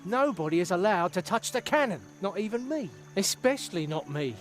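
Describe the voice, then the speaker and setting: A man's voice: high voice, lively intonation, fairly quick, soft background music. A man voicing a weary, overworked male animal town guard in a video game, drowsy and complaining. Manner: drowsy, complaining, sudden sharp outbursts.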